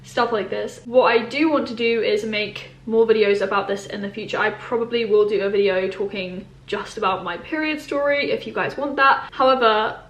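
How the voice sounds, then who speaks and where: A woman's voice: medium pitch, normal speed, hardly any pauses. A young woman vlogging casually as she answers viewer questions, candid and emphatic, with a rambling, chatty flow. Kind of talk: casual Q&A vlog. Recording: roomy echo.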